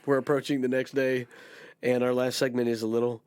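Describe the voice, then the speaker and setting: A man's voice: medium pitch, level tone, fairly quick, darkish tone, clear, resonant tone, dry recording, studio quality. A man co-hosting a podcast in casual chat, joking and steering the segments. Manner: jokey, leads the segments. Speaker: podcast co-host.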